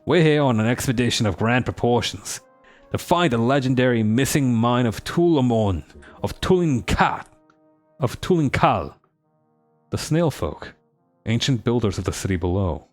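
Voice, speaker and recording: A man's voice: medium pitch, animated, moderate pace, faint music behind, close to an everyday voice. A man voicing a jaunty dwarf with an Australian-ish accent. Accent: put-on Australian, drifting Cockney. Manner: jaunty, cheery, theatrical. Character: boastful male dwarf historian, cheerful showman.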